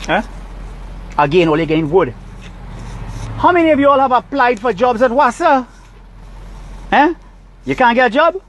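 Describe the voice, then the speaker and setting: A man's voice: very high-pitched, big pitch swings, normal speed, pauses often, fairly bright tone, rough recording. A Trinidadian man recording a heated, scolding rant from his parked car. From Trinidad and Tobago. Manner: agitated, preachy, scolding. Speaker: vlogger.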